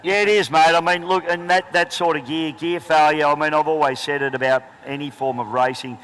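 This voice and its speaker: A man's voice: a little high, fairly even intonation, brisk, fairly bright tone, low-quality recording. A man with an Australian accent commentating trackside at a boat race, chatty and joking, talking into a handheld microphone outdoors.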